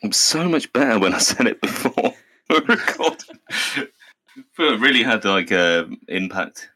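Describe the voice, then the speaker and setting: Male podcast host, low pitch, bright edge, teasing comic banter. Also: big pitch swings, unhurried, a little hiss or hum. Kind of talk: casual podcast chat.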